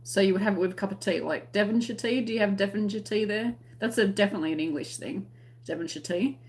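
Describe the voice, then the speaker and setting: A woman's voice: medium pitch, quick pace. Chatty Australian woman on a live stream. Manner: chatty, friendly, laughs often. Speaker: crochet channel host. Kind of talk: casual live-stream chat reading viewer comments.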